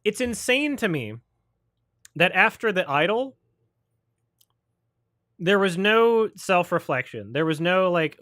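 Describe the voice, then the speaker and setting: A man's voice: high voice, big pitch swings, slow, pauses often, fairly bright tone, no echo, studio quality. A man hosting a livestream, ranting about films in a sarcastic, profane way and mocking people with put-on quotes. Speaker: host. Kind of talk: livestream film review chat.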